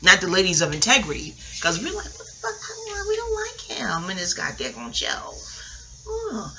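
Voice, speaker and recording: A woman's voice: mid-range voice, huge pitch swings, normal speed, sharp tone, a little hiss or hum. A woman, rambling through a casual, profane TV recap at home, digressing and laughing often. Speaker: vlogger reviewing a TV episode. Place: home, near a kitchen.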